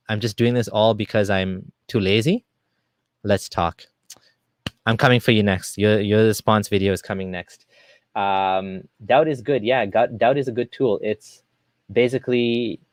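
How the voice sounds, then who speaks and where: A man giving a casual, argumentative monologue to camera, animated and full of fillers and restarts. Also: on the low side, no echo. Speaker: video creator.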